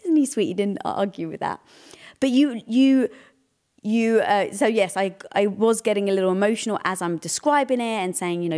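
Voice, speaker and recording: A woman's voice: medium pitch, animated, fairly quick, a little mellow. A woman with an ordinary mid-range voice talks through a personal story in a casual relationship chat. She is chatty and leans on fillers and restarts as she goes. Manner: chatty, filler-heavy retelling. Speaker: co-host.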